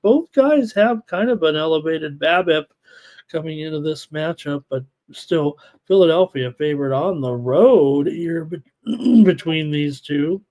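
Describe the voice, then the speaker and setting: With a darkish tone and a voice on the high side, this man runs a live sports betting show. He speeds through odds and stats, reads out picks from the chat and keeps things casual with offhand remarks.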